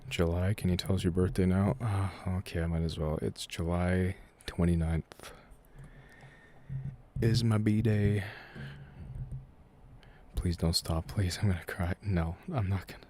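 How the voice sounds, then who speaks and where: A man in his twenties from Canada, an audio creator answering viewer questions in a relaxed, rambling live chat from a room at home. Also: sits low, normal speed, hardly any pauses. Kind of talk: casual live-stream chat.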